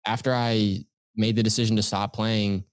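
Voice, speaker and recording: A young man from Canada, a guest speaker, recounting personal experiences in an earnest, measured way. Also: lowish voice, level tone, dry recording, studio quality. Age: young adult. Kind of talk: reflective storytelling in conversation.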